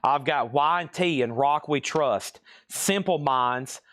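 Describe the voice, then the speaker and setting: Brisk man calling out record sale prices. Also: a little high, a bit bright, no echo. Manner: brisk, listing items and prices, checking with "okay?". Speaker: live sale host. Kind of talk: live-stream record sale, reading claims and prices.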